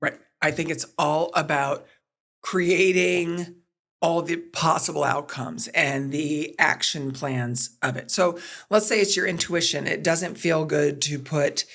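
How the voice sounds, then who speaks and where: A woman's voice: deep voice, slow pace, creaky. A middle-aged woman guest on a podcast, speaking conversationally and acting out the quotes in her stories. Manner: animated storyteller, acts out quotes. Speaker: guest, sports broadcaster and producer.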